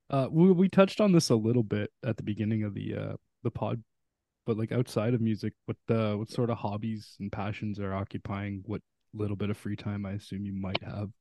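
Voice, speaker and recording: A man with a fairly low, warm voice hosting a loose podcast chat, laid-back and quick to swear and laugh. His tone stays relaxed and easygoing. The recording is dry and close. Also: dry recording. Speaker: podcast host.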